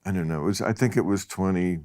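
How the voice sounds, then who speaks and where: A middle-aged man hosting a casual chat over drinks, wry and quick to laugh. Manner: wry, laughs often, lively pitch. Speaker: host. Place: studio set. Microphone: lapel mic.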